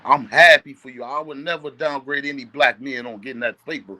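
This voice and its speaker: A man, a guest on a livestream, loudly teasing and roasting another guest with streetwise banter. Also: mid-range voice, a little fast. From Brooklyn. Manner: loud, teasing, says "B" often.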